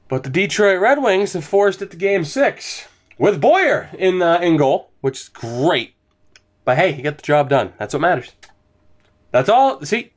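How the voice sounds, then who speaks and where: A young man giving excitable, profane commentary on his hockey game, ranting and then calming down. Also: on the high side, normal speed. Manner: excitable, swears, rants then talks softly to his dog. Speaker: gaming YouTuber. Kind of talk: let's play commentary.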